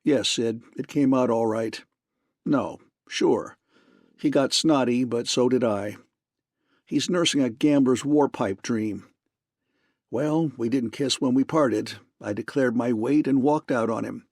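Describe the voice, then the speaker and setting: A man's voice: medium pitch, takes it slowly, darkish tone, dry recording, clean studio sound. A man reading an audiobook, voicing a surly, stubborn hard-boiled private detective who speaks curtly.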